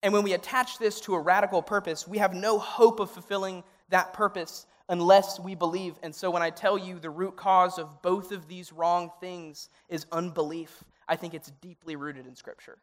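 A young adult man, a youth pastor, delivers a sermon in a high, steady voice at normal speed, barely pausing. His conversational, earnest preaching turns emotional and pleading, and the recording carries the reverb of a large hall.

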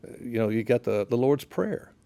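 Man, pastor guest, gravelly voice, dry close sound, reflective storytelling, unhurried. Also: mid-range voice, lively intonation, mellow, no echo. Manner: reflective, unhurried, with frequent restarts. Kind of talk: relaxed conversational storytelling.

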